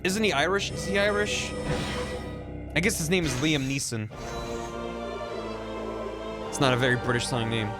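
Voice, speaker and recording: A man's voice: a little high, moderate pace, long pauses. Goofy streamer man over game music. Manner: goofy, talks to chat, swears and groans at the game. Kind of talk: casual live-stream gameplay commentary. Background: video game music.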